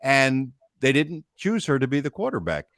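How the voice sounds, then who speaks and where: A middle-aged man chatting as a guest, talking about his daughter in a measured, reflective way. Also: medium pitch, wildly swooping pitch, a bit bright, no echo, clean studio sound. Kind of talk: casual chat.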